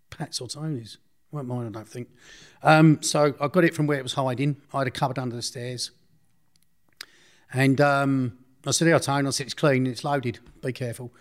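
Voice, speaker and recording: A man tells his own story in a plain, middle-pitched voice. He talks bluntly and drops in street slang, often breaking off and restarting mid-sentence as he recounts events. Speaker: interviewee.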